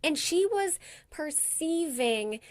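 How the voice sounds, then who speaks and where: A woman hosting an interview podcast with a somewhat high-pitched voice. She thinks aloud as she goes, reflecting her guest's points back in her own words before asking the next question. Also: lively intonation, slow pace. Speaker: podcast host. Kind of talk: conversational interview.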